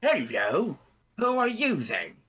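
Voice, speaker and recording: A man's voice: high voice, huge pitch swings, crowd noise, voice pushed up, full character voice. A man voicing a simple, cheerful half-orc pickle seller who rambles in a friendly way. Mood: eager, rambling. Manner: rambling, friendly, slow-witted.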